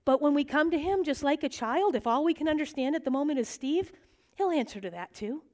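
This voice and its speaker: A middle-aged woman teaching a bible study, lively and animated, acting out the voices in the stories she tells. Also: high-pitched, fairly quick. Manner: animated, acts out quoted voices.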